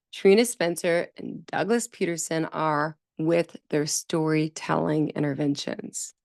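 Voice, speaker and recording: A woman talks straight into a close microphone, and the sound is dry with no room around her. She hosts a speech therapy podcast in an animated way. She leans on repeated words and acts out the voices of the people she quotes. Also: on the low side, dry recording. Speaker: speech-language pathologist podcast host. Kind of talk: solo podcast talk.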